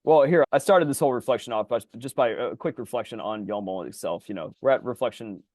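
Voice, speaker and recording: Fast-talking, excitable male podcast host. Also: dry recording. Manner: rambling, animated storyteller full of fillers; voice jumps high when excited. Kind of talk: casual podcast chat.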